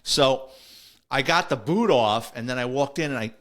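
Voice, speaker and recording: A man's voice: mid-range voice, normal speed, a bit bright. A middle-aged man, a former police officer telling a story in a wry, conversational way on a podcast. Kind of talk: casual storytelling.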